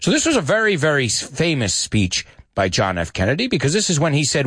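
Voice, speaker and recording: This is a man hosting a casual radio lesson. He is chatty and animated, explains expressions and repeats the key words. His pitch rises and falls a lot, and the sound is dry and close, with no room echo. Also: a little fast, husky. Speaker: radio host and English teacher.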